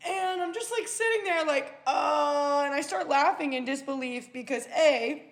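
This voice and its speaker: A woman in her twenties hosting a podcast, telling a personal story in a casual, animated way, swearing freely and acting out what people said. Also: high-pitched, moderate pace. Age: 20s. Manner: animated, swears freely, acts out quoted voices. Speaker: podcast host.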